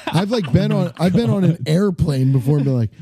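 A man, a comedian and bingo caller, telling animated stories in casual podcast chat and acting out loud voices. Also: fairly high pitch, fairly quick.

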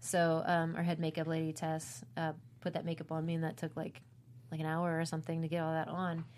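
Lowish-voiced woman, laughing chatty actress. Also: fairly quick, slight background noise. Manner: laughs often, animated storytelling with acted quotes. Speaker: actress discussing her role. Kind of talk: casual chat.

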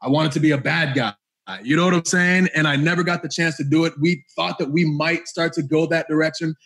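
A man co-hosting a podcast from home, telling stories in an excitable, laughing, casual way. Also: a little high, a little fast. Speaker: podcast co-host. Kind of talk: casual chat. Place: home studio.

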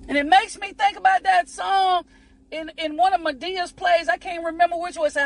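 A woman's voice: very high-pitched, steady tone, a little fast, rough recording. A woman giving a fervent preaching-style motivational talk, repeating herself and calling listeners honey and baby. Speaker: inspirational speaker.

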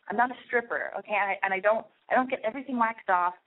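A woman's voice: medium pitch, fast. A young woman with a cold, hosting a solo podcast alone in a room, rambling, self-deprecating and swearing often. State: has a cold, needs to cough. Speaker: podcast host. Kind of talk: casual solo podcast monologue. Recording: tinny phone-like sound.

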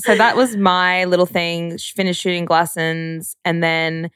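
A woman's voice: lowish voice, flat delivery, a little slow, a bit bright, clean tone, no room sound, clean studio sound. A young woman co-hosting a casual chat, candid and talkative, filling her speech with "like". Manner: chatty, frequent "like" fillers, candid. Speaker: podcast co-host.

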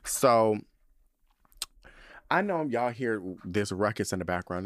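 The podcast host, a man in his thirties whose voice sits low, recounts a story at a moderate pace in a studio-quality recording with no echo. It's a casual solo monologue of sassy, animated, campy drag-queen banter, and he swears a lot.

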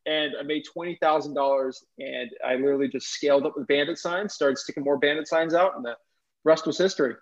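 A young man tells his story in a lively, casual way and acts out each person in it with sudden jumps in his voice. His voice sits a little high. The audio is dull and lo-fi. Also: brisk. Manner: animated, acts out quotes with big pitch jumps. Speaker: guest entrepreneur.

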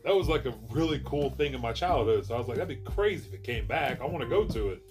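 A young man in casual chat, laid-back and quick to swear and laugh. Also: medium pitch, lively intonation, music in the background.

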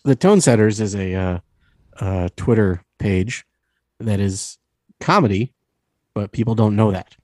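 Low-voiced man telling a jokey story. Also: measured pace, long pauses, a little mellow, no room sound, clean studio sound. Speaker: podcast co-host. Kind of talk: casual sports podcast talk.

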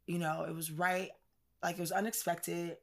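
A woman co-host speaks in a slightly low register with a gravelly fry running through her voice. She tells her story in a relaxed, reflective, conversational way, dropping slang and fillers as she goes. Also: moderate pace. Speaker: podcast co-host. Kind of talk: casual personal storytelling.

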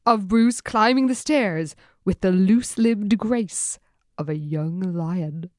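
A woman's voice: mid-range voice, takes it slowly, no room sound. Amused female podcast co-host, dry sound. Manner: enthusiastic and amused. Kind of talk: book discussion and reading aloud.

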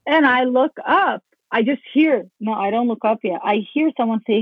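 Animated woman on a tinny line. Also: fairly high pitch, normal speed, hardly any pauses, dry recording. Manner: animated, swears casually, acts out her own past thoughts. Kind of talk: casual storytelling chat. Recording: phone-like narrow band, dry.

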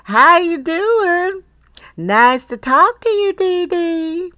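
A woman imitating her cheerful older mother with a Southern accent, slow and high. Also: animated, sharp tone, no room sound, studio quality, exaggerated voice. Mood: affectionate.

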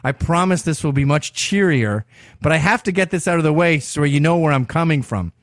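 A man's voice: a little high, lively intonation, fairly quick, no echo, studio quality. Sarcastic, profane man ranting on a podcast. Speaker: podcast host. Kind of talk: opinion monologue.

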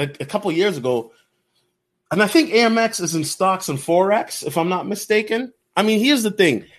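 Man, lively rising and falling voice, slangy casual commentary, bit higher pitch. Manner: animated, slangy, repeats himself, calls others dog. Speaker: crypto YouTuber reacting to a video.

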